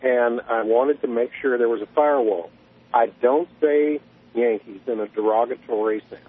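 A man's voice: mid-range voice, breathy edge. Man telling a story by phone. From Southern US. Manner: folksy, unhurried storyteller. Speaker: caller. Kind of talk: radio call-in storytelling. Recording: tinny phone line.

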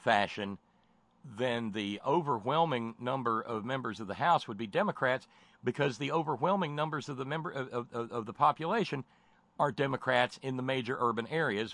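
A man's voice: medium pitch, fairly bright tone, no echo. A man hosting a political call-in radio show, talking casually with sarcasm and frequent stammering restarts. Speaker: radio talk show host.

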